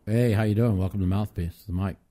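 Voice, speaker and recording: A man's voice: lowish voice, fairly even intonation, fast, warm tone. A man hosting a call-in talk show, ranting profanely and animatedly about sports. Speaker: host.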